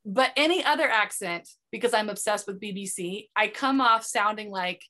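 A woman's voice: medium pitch, moderate pace, bright, forceful tone. A woman hosting a podcast, chatty and self-deprecating, rambling with fillers as she talks with a guest. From Utah. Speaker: podcast host. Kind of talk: casual interview chat.

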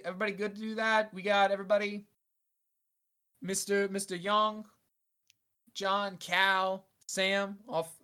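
A game master doing a hesitant radio dispatcher who fumbles with fillers while calling the response teams in. The voice is bright and clear. This is tabletop role-play. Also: medium pitch, close to an everyday voice. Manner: hesitant, filler-heavy, folksy.

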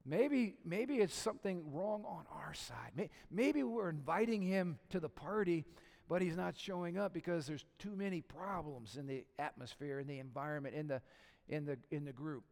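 A man's voice: fairly high pitch, moderate pace, creaky. Man preaching in a reverberant church hall. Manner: conversational preaching with audience questions and humor; swings from soft and hushed to loud and emphatic. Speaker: pastor. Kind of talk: sermon. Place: church sanctuary.

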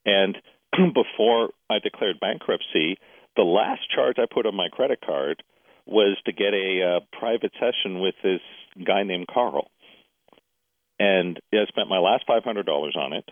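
A man's voice: low-pitched, a little slow, no echo. A man casually telling a personal story as a guest, acting out what others said to him. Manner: animated storyteller, quotes others in dialogue. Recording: tinny phone-like line.

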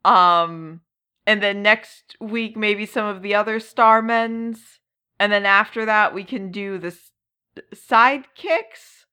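A woman co-hosting a relaxed chat podcast, speaking slowly with a bright, clear tone. She laughs often and pauses with plenty of ums. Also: mid-range voice. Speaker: podcast co-host. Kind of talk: casual chat.

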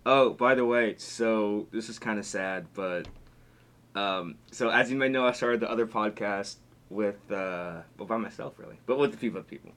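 Young guy rambling on a podcast, low-ish voice, laughs a lot, trails off quiet. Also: moderate pace. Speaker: podcast host. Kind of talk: casual chat.

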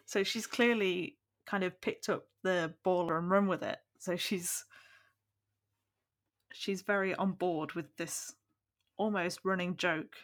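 A woman's voice: on the low side, fairly even intonation, slow pace. A woman co-host in a casual, chatty book discussion.

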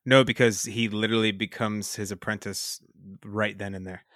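A man's voice: on the low side, fairly even intonation, a bit bright, dry recording, clean studio sound. A man co-hosting a podcast, chiming in and teasing while recapping a TV episode. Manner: chiming in, quick reactions, teasing. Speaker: podcast co-host. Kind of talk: casual chat recapping a TV episode.

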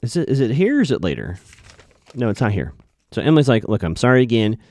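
A man's voice: medium pitch, wildly swooping pitch, fast, dark tone, no echo. A man giving a casual recap of a TV episode, thinking aloud and correcting himself as he goes.

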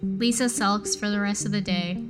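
A woman's voice: medium pitch, fairly even intonation, normal speed, over music. Chatty woman at a game table. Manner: chatty, hesitant with fillers. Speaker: tabletop player. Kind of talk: casual table talk.

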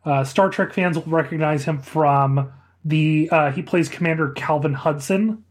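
A man's voice: on the high side, measured pace. A man co-hosting a casual podcast chat, rambling with laughing asides. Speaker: podcast co-host.

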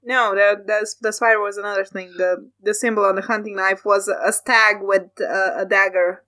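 A woman running a tabletop game as game master, casual and quick to laugh. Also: mid-range voice, fairly even intonation, sharp tone.

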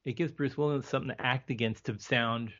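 A man chats as a podcast guest, sharing opinions in a loose, hesitant way full of fillers and restarts. His voice sits at an ordinary middle pitch, and the recording sounds slightly dull and lo-fi. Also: steady tone, brisk, a bit bright. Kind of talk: casual movie discussion.

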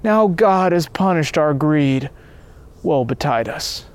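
A man's voice: a little high, animated, takes it slowly, clean tone. A man reading the part of a wealthy, proud married nobleman in a storybook telling. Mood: grieving.

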